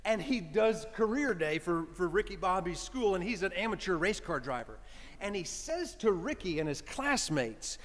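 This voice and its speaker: Animated preacher in a church. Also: male voice, sits high, normal speed. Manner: storytelling, conversational, animated. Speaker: priest. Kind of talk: sermon. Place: church sanctuary. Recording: reverberant church hall.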